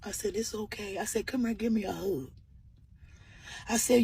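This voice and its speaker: A woman's voice: medium pitch, moderate pace, gravelly, dark tone, breathy edge. A woman earnestly telling a personal story in a vlog, often repeating "I said" and offering religious encouragement. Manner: earnest, repeats "I said" while retelling. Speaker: vlogger.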